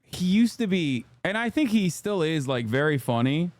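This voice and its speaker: A man's voice: a little high, sing-song, normal speed, dry recording. Man reacting on a live stream. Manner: exasperated, conversational, frequent cursing. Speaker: streamer and political commentator.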